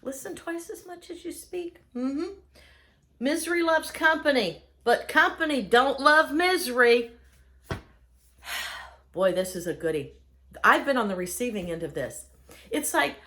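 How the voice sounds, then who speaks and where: Animated woman with a lively high voice. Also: unhurried, long pauses. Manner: chatty, self-mocking, acts out quoted people. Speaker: speaker giving advice. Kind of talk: humorous motivational talk.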